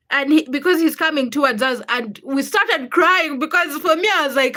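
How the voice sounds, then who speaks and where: A young adult woman talks casually to her livestream viewers. She tells childhood stories in an animated way, acting out the people in them. Her voice sits a little high and has a bright, forceful edge. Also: normal speed, few pauses. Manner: animated storytelling, acts out quotes with laughter. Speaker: livestream host.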